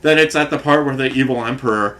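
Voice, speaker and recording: A man's voice: medium pitch, quick pace, fairly bright tone. A man venting in a rambling, agitated rant full of swearing and restarts. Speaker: vlogger. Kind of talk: frustrated rant to camera.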